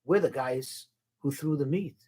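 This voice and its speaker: A man's voice: medium pitch, measured pace, warm tone, husky. A man voicing a pair of cocky, bragging talking hands in a fable. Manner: dismissive bragging.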